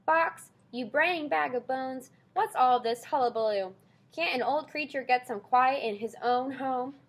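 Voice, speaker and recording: A woman's voice: fairly high pitch, expressive, moderate pace, fairly bright tone. A woman reading an audiobook, voicing a grumpy, scornful old male porcupine who bellows insults. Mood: bellowing. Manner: scornful, bellowing, name-calling.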